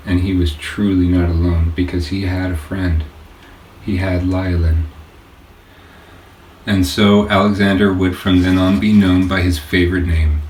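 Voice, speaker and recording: A man reading his own novel aloud as an audiobook narrator, in a steady storytelling way. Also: deep voice. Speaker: author and narrator. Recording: echoey room, faint hiss.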